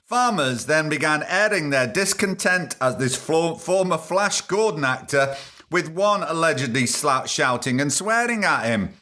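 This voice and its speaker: Sarcastic man with a lively voice. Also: on the high side, measured pace. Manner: irreverent, sarcastic, rambling. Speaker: podcast host. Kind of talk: comic news commentary.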